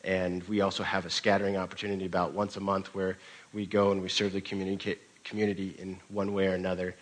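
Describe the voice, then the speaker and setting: A man's voice: low-pitched, completely flat delivery, fast talker, rough recording. A man preaching a sermon as pastor, telling a story in a conversational way with occasional restarts.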